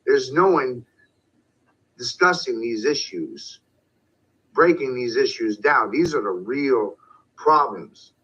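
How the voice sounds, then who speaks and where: A man's voice: mid-range voice, expressive, slow, pauses often, slightly rough. A man delivering a profane, confrontational monologue as an online commentator. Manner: profane, confrontational, shouting at times. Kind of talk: ranting monologue. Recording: dull lo-fi sound.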